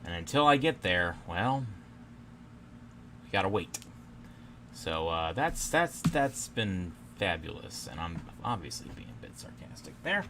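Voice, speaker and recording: A man's voice: deep voice, big pitch swings, unhurried, pauses often, noisy background. A man streaming live as he works at his computer, chatting casually, muttering to himself and swearing often.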